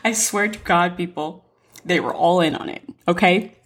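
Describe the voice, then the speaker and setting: A young woman podcast co-host telling a dramatic story in a lively, animated way, swearing and laughing as she goes. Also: on the low side, moderate pace.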